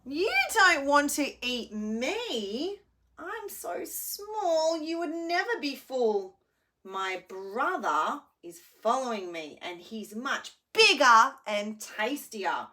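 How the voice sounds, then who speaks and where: A woman's voice: high-pitched, big pitch swings, slow, sharp tone, voice pushed up, heavily acted. A woman voicing the smallest young billy goat in a storybook read-aloud, urgent and pleading.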